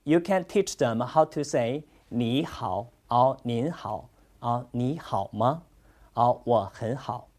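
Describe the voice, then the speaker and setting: A Chinese language teacher, a native Chinese speaker, teaching a class in English with steady praise and repetition. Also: medium pitch. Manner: slow, encouraging, repeats lots of praise. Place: classroom with students.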